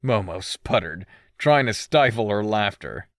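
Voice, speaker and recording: A man's voice: on the low side, expressive, measured pace, a bit bright, no echo, studio quality. Man narrating a teasing audiobook. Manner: teasing, mischievous. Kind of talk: first-person scripted narration.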